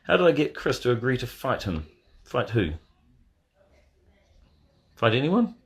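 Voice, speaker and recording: A man hosting a casual live watch party from bed, answering chat questions in a deadpan, joking way. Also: medium pitch, a little slow, breathy edge. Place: in bed at home. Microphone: phone.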